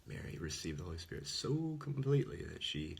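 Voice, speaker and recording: Deep gravelly man, casual preaching. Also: big pitch swings, fairly quick. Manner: earnest, informal, often drops to a whisper. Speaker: Catholic speaker. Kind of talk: casual sermon.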